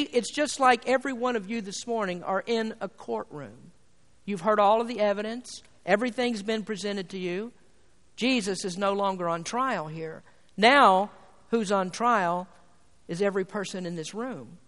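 A male pastor preaching a sermon, building to loud appeals and pressing rhetorical questions at his congregation. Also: high voice. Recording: long hall reverb.

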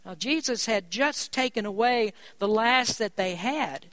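A preacher giving a sermon, stressing key points by rising in pitch and volume and slowing down on important words. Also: expressive, fairly bright tone, no room sound. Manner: slows down to drive words home.

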